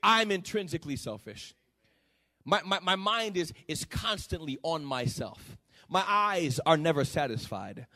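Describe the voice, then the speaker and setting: Lively high-voiced male preacher. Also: measured pace. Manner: preaches with rising intensity, sing-song cadence and repeated phrases; acts out dialogues with God in a plain questioning voice. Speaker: pastor. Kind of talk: sermon. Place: church sanctuary.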